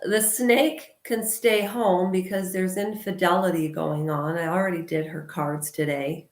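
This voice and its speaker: A woman vlogger ranting loudly and outspokenly in a casual talk to camera. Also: lowish voice, fairly even intonation, unhurried, roomy sound. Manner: loud and outspoken. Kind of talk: casual opinion rant to camera.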